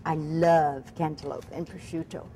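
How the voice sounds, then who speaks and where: A woman's voice: deep voice, flat delivery, moderate pace, dark tone, a little hiss or hum, poor audio. Chatty enthusiastic woman co-hosting a cooking demo. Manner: chatty, enthusiastic, playful teasing. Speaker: co-host.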